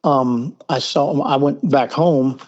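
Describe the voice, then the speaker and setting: A man's voice: mid-range voice, slow pace, darkish tone, dull audio. A middle-aged man with a Southern US accent, a podcast guest telling stories at length and acting out the dialogue. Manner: rambling, acts out quoted dialogue. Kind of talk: casual storytelling. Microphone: remote call.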